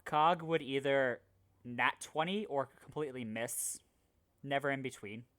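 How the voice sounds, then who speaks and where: A man's voice: mid-range voice, unhurried. A man in casual chat, telling rambling tabletop game stories over a video call. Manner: rambling storyteller, animated and loose. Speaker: podcast co-host.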